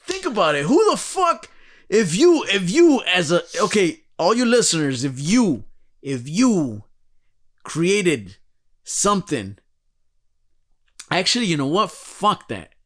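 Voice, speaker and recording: Rich: A man with a high-pitched voice hosts a casual podcast chat. He rambles through a profane, joking rant and laughs at his own lines. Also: big pitch swings, slow, long pauses, fairly bright tone. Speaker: podcast host.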